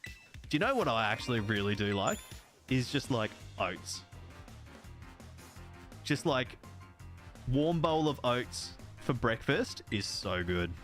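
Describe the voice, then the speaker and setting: A man's voice: medium pitch, sing-song, slow, pauses often, fairly bright tone, soft background music. An Australian man in his thirties, chatting and rambling casually while he plays a game, laughing often. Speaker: gaming streamer. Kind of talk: casual chat while playing.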